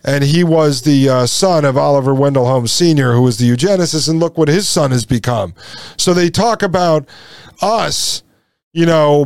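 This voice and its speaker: A man's voice: a little high, a little mellow, smooth, no echo, clean studio sound. A man hosting a commentary show, reading out passages and reacting with emphatic indignation to his listeners. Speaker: podcast host. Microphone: sunglasses on camera, studio mic.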